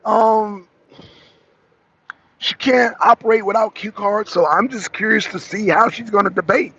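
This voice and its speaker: Gravelly high-voiced man ranting. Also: steady tone, a little slow, sharp tone. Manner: rambling, heated, full of restarts and asides. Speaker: political talk show co-host. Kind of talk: opinionated political commentary. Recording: dull lo-fi audio.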